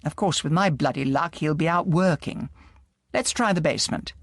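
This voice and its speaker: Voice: mid-range voice, normal speed, no echo, studio quality, lightly acted. A reader voicing a blunt, irritable middle-aged woman sleuth in an audiobook, with a brusque, exasperated manner. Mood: impatient.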